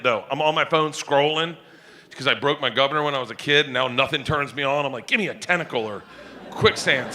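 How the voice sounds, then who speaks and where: A middle-aged man doing stand-up on a comedy club stage, telling stories loudly and shouting his punchlines. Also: mid-range voice. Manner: loud, animated storytelling with shouted punchlines. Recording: live stage recording with clear audience noise. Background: audience laughter.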